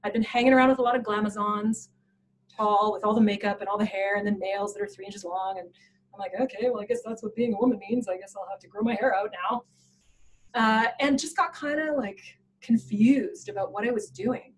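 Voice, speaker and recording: A woman presenting a professional development workshop in an animated, playful way, laughing often. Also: medium pitch, fairly quick, a little hiss or hum, rough recording. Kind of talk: workshop talk.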